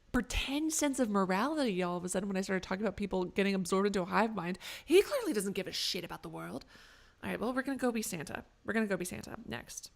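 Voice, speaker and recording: A woman live-streaming a game, chatting casually with her viewers, reacting loudly and swearing. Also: mid-range voice, creaky.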